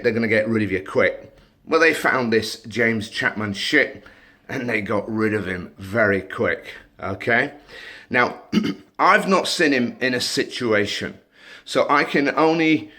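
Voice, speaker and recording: A man's voice: on the low side, pushed and bright. A middle-aged man, a door supervisor, ranting bluntly to camera and swearing freely.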